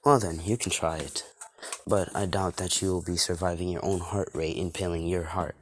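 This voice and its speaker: A man's voice: low voice, steady tone, moderate pace. A man doing a smug taunting teen boy. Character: smug cocky teenage boy hero.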